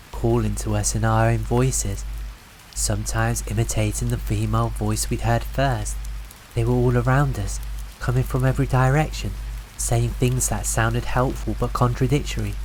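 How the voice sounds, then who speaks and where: Male horror narrator, even measured read, mid pitch, soft rain backdrop. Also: slight background noise, low-quality recording. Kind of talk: scripted horror story narration. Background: faint rain.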